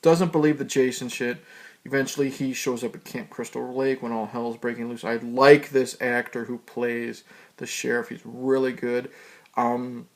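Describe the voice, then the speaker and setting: A man giving a casual, rambling movie review, swearing freely and filling pauses with ums. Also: medium pitch, little pitch movement. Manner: loose, profane, rambling with fillers.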